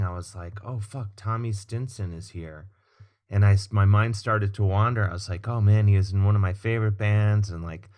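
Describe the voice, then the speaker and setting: A man's voice: fairly low pitch, darkish tone. A man, a comedian and musician guest, telling casual stories on a podcast, swearing freely and acting out the people he quotes. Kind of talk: casual storytelling chat.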